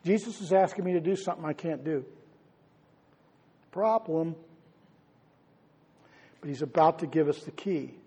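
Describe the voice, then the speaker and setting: A man who is a pastor, preaching a conversational sermon, asking his congregation questions and swinging between loud and hushed delivery. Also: on the high side, moderate pace, pauses often, breathy edge, long reverb tail. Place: church hall.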